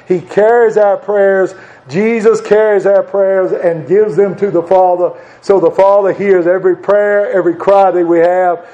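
A man's voice: high-pitched, warm tone, lo-fi sound. A man preaching a sermon in an earnest, conversational way, repeating short phrases for emphasis.

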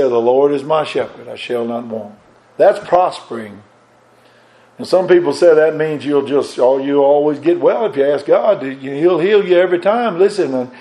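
A man preaching a sermon with a fervent, repetitive cadence, climbing higher and louder on emphatic points and dropping low and soft on reflective ones, with halting restarts. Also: rough recording. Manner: rises in pitch and force on emphatic points, drops low and soft on reflective lines.

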